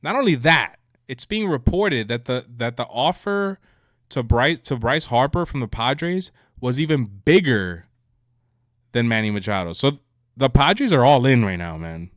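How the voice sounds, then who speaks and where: A man's voice: mid-range voice, expressive, measured pace, fairly bright tone, no room sound, clean studio sound. A man co-hosting a podcast in a casual sports chat, brash and teasing, often talking over his co-host.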